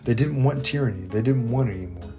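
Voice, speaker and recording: A man's voice: mid-range voice, lively intonation, fast talker, vocal fry, dark tone, faint music behind. A man hosting a history video in casual, irreverent commentary with jokey digressions.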